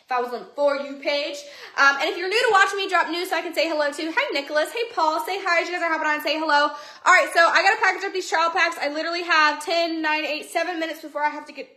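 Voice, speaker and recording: A woman hosts a casual phone livestream from home, chatty and bubbly, greeting viewers by name. Her voice is high, bright and sharp. The room around her echoes. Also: quick pace. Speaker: livestream seller. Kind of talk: casual livestream sales chat.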